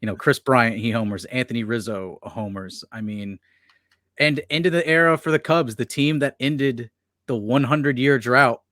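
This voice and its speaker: A man co-hosting a sports podcast, chatting in a laid-back, dry way. His voice sits at an everyday middle pitch. The sound is close and dry, with no room echo. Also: normal speed, fairly bright tone. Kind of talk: casual sports chat.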